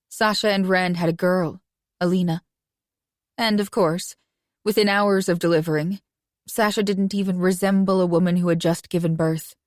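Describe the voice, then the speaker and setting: A woman reading a romance audiobook in first person with an even, conversational delivery. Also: lowish voice, dry recording, clean studio sound. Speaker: audiobook narrator.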